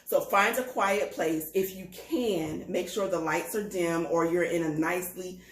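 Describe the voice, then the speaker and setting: A woman co-hosting a casual talk, calmly explaining a breathing practice step by step. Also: lowish voice, measured pace, reverberant, rough recording. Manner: calm, instructive, steady. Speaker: co-host. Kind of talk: casual chat on mindfulness.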